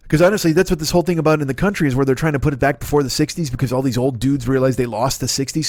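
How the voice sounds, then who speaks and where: A man's voice: on the high side, a little mellow, no echo, studio quality. Profane rambling male comedy host. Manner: profane, digressive, self-correcting. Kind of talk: rambling comic monologue.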